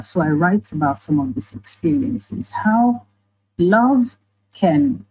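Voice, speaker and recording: A woman with a Nigerian accent, an online teacher and writer talking in a casual interview, animated and quick to act out the voices she quotes. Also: mid-range voice, vocal fry, breathy edge, low-quality recording. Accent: Nigerian English. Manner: animated, often laughing, acts out quoted voices.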